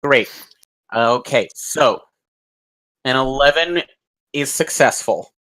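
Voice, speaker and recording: A man running a tabletop game as dungeon master, calmly narrating and asking for rolls. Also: mid-range voice, slow. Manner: casual, steady narration with game rulings.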